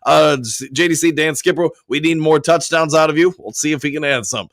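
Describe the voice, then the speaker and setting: A man hosting a live sports talk stream. He is hoarse from a cold and reads viewer comments aloud, answering each one in a casual way. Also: fairly high pitch, a little fast, fairly bright tone, no room sound, clean studio sound. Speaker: sports show host reading chat.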